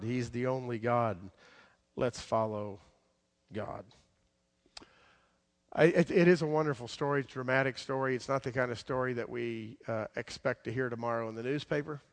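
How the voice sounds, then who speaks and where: A man preaching a sermon, retelling a story with animated swings between loud emphasis and soft asides. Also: mid-range voice, gravelly.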